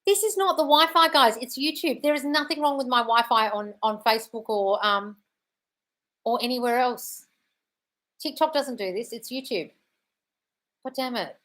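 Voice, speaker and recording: A woman's voice: fairly high pitch, moderate pace, pauses often, fairly bright tone. A woman coach hosting a live Q&A, reading viewers' chat questions and answering bluntly, swearing freely and calling people darling. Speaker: manifestation coach.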